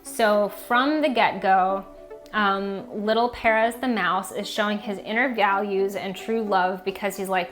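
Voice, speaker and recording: A woman's voice: medium pitch, steady tone, unhurried, a bit bright, soft background music. A woman reading teacher casually explaining a picture book, talking in a chatty way with lots of "um" and "like". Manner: chatty, many fillers like "um" and "like".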